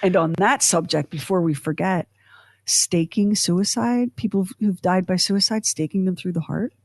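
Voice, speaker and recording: A woman co-hosting a podcast, in chatty, animated casual talk full of fillers and asides. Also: on the low side, normal speed, no echo. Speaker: podcast co-host. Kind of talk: casual chat.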